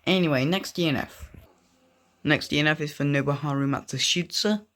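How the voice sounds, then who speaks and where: A man's voice: a little high, normal speed, fairly bright tone. Rambling young man narrating gameplay. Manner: rambling, goes off on tangents. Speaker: gaming video creator. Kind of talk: casual gameplay commentary.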